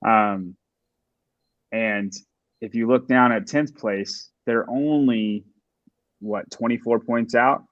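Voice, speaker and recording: A man's voice: medium pitch, fairly even intonation, slow, long pauses, a bit bright, no echo, muffled recording. A man hosting a podcast, talking through competition standings in a casual, analytical way. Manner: talkative, analytical. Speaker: podcast host.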